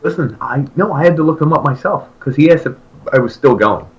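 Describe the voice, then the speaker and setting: A man in his thirties, a podcast co-host, telling a long story in casual chat and acting out his own excited remarks. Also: fairly high pitch, fairly quick, poor audio. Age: 30s. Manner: animated, jumps into loud excited quoted voices.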